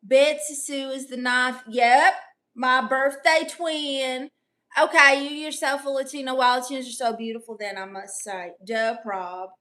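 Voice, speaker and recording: A woman's voice: sits high, fairly even intonation, moderate pace, hardly any pauses, bright, forceful tone. A woman doing a comedic livestream in character, brash and playfully boastful as she reads out chat messages.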